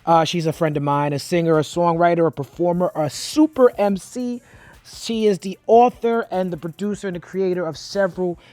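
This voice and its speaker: A man's voice: sits high, normal speed, no room sound. Man hosting a hip-hop interview show. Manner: hype-man introductions, relaxed and friendly. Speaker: host.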